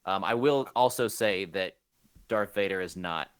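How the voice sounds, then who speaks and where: A young man running a tabletop game as game master, lively and laughing often with geeky enthusiasm. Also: low-pitched, unhurried, clean tone, no room sound.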